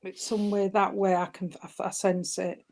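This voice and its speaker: A woman, working as a spiritualist medium and giving a spirit reading at a service. She talks gently and soothingly, calling the listener sweetheart and darling, and often stops and restarts her sentences. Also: medium pitch, flat delivery, moderate pace. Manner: hesitant, with frequent restarts.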